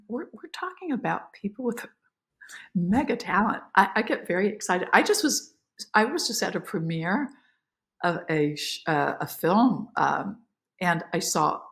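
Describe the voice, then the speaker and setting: An actress as a podcast guest, telling emotional behind-the-scenes stories in a lively, filler-filled way. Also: female voice, on the low side, vocal fry. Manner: animated, emotional, many fillers. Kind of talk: casual interview storytelling.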